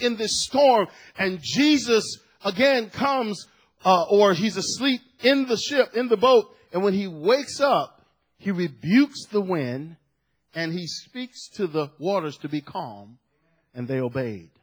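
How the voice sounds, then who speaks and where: A middle-aged male pastor preaching a sermon, swinging from shouted emphasis to hushed asides. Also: sits high, lively intonation, measured pace, husky, poor audio.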